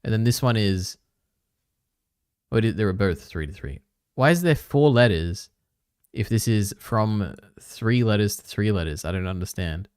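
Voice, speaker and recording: A man's voice: lowish voice, expressive, moderate pace, a little mellow, smooth, no room sound, clean studio sound. A man streaming casually, reading on-screen text aloud, trailing off and muttering to himself. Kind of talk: casual live-stream commentary.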